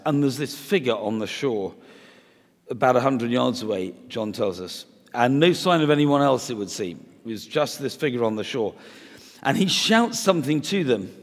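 Male preacher, mid-pitched, chatty and animated, hall reverb behind him. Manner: chatty and animated, with playful asides and restarts. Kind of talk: conversational sermon.

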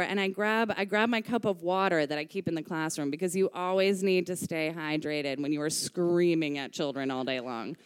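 A woman's voice: medium pitch, clear, resonant tone. A woman telling a comic personal story, chatty, swearing freely and acting out the voices she quotes.

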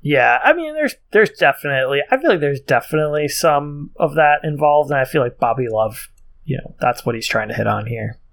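Gravelly, bright-voiced man on a podcast. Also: on the high side, animated, brisk. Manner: easygoing, laughs often. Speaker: podcast co-host. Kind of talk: casual podcast chat.

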